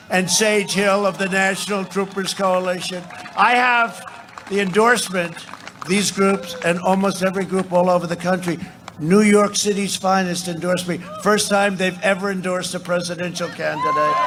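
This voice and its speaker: A man's voice: high-pitched, slight background noise. Man giving a rambling rally speech. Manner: repetitive, rambling with asides, bursts into shouts. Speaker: politician addressing a rally. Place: large rally venue.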